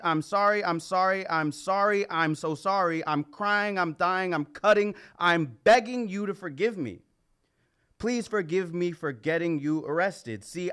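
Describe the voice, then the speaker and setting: A man performing spoken word poetry at an open mic, quiet and earnest, building to a pleading intensity. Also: a little high, smooth. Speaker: poet.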